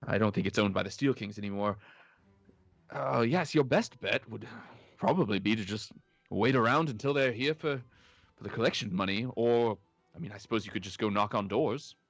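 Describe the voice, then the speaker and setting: A man's voice: lowish voice, normal speed, dry recording. A man voicing a nervous, fawning male dockhand who stammers and hesitates constantly. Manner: stammering, fussy, full of hesitations.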